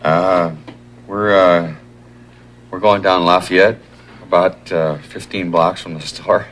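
Halting hypnotized cop. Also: male voice, deep voice, fairly even intonation, a bit bright, heavily acted. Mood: dazed, recalling. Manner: halting, many filler pauses. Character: male police sergeant under hypnosis recalling a stakeout, hesitant. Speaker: police sergeant. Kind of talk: sitcom acting.

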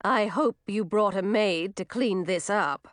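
A woman's voice: mid-range voice, measured pace, no echo, studio quality, close to an everyday voice. A woman voicing a sour, bossy queen who sounds falsely cheerful and curt. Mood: haughty.

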